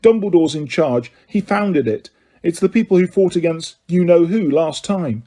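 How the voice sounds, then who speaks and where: A man voicing an earnest, anxious teenage girl witch who talks in hurried apologies. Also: on the high side, animated, dark tone, pitched above the performer's own voice.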